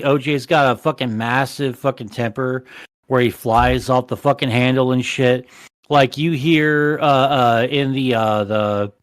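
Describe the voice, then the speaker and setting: A man's voice: medium pitch, dry recording. A man hosting a casual podcast chat, rambling and swearing constantly. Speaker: podcast host.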